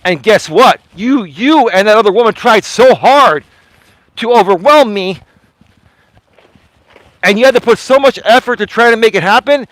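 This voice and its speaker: A vlogger hosts a live walking stream outdoors in the cold, filming himself with a phone on a selfie stick. His high, slightly bright voice is expressive at a moderate pace with frequent pauses, recorded dry and close with no echo, though the quality is rough. He speaks to someone directly with insistent emphasis, circling back to repeat his points.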